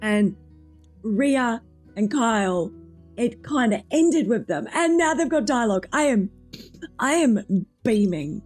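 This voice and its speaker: Australian woman streamer, bubbly game commentary, husky voice, slow talker, faint game music under it. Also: on the high side. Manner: gushing, excitable, reads game lines aloud.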